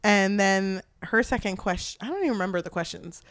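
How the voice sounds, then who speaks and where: A woman's voice: medium pitch, brisk, no room sound. A young woman co-hosting a podcast, chatting casually about a book and acting out lines from scenes. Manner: retells scenes with acted quotes, laughs often. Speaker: podcast co-host.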